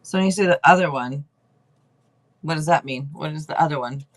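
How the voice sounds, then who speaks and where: A woman's voice: deep voice, brisk. A woman hosting a casual livestream tarot reading, chatty, thinking aloud and laughing often. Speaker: tarot reader host.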